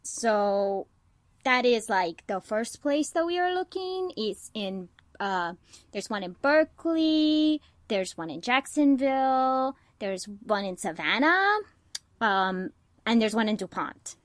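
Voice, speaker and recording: A woman voicing an excitable young female archmage who gushes and talks fast in a tabletop game. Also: a little high, no echo. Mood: briefing. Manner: gushing and fast, lots of "oh my god".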